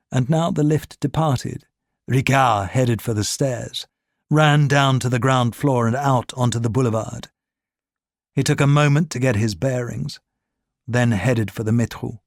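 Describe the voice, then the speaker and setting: Male audiobook narrator, mid-pitched, steady and measured, dry close recording. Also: no room sound. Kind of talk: scripted narration.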